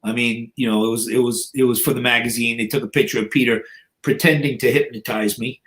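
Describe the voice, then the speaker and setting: A man's voice: medium pitch, fairly even intonation, fast talker, a bit bright. A man in his sixties, a podcast guest, telling stories in a blunt, profane way, full of "you know" fillers and acting out other people's lines. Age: 60s. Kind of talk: casual storytelling.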